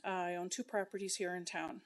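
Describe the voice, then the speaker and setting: A woman's voice: on the low side, flat delivery, brisk. A middle-aged woman who owns a local business, making an impassioned, indignant public comment at a council meeting. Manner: impassioned, indignant, speaking in bursts.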